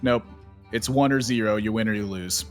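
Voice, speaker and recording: A man casting a card game tournament live, chatty and prone to sudden high exclamations. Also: fast talker, faint music behind. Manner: excitable, jumps into high exclamations. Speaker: esports caster.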